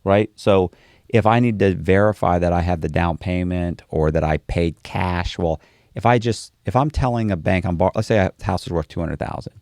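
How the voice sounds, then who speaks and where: A man's voice: low-pitched, vocal fry, no room sound, studio quality. A man being interviewed, telling a long story in a casual way and acting out the voices of the people in it. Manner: animated storyteller, acts out quoted dialogue. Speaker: interview guest.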